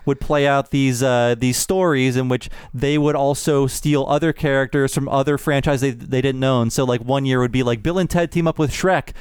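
Male podcast guest, mid pitch, smooth and clear, dry sound, eager explainer. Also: fairly even intonation, moderate pace, hardly any pauses, no echo. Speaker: podcast co-host. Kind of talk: casual chat.

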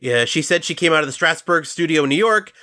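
A man's voice: fairly high pitch, animated, fast, bright, forceful tone. A man hosting a casual movie podcast, telling stories and speaking to the listeners. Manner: storytelling, addresses listeners. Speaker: podcast host.

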